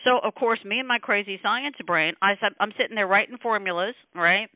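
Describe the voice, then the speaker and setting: A woman scientist telling the story behind her invention on a call, animated and laughing often, acting out quotes from other people. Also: medium pitch, fairly quick, dry recording. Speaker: scientist guest. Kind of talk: phone call interview. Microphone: telephone. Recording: tinny phone line.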